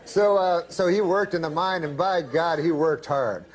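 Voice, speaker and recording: A male comedian on a talk show, telling a long deadpan story in halting phrases full of uhs and restarts, chuckling as he goes. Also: fairly high pitch. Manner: halting, with many uhs and restarts, chuckling through his stories. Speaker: comedian guest. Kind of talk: rambling deadpan anecdote.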